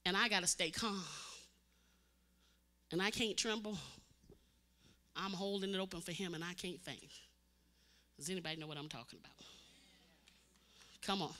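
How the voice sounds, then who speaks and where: A woman preacher delivering a sermon as dramatic storytelling, swinging from loud cries to hushed, intense tones. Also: on the low side, steady tone, moderate pace, long pauses.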